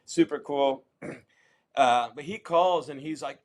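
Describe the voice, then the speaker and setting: A middle-aged American man telling stories in a casual interview, animated and acting out quoted voices. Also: fairly high pitch, slow pace. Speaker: interview guest, champion kayaker.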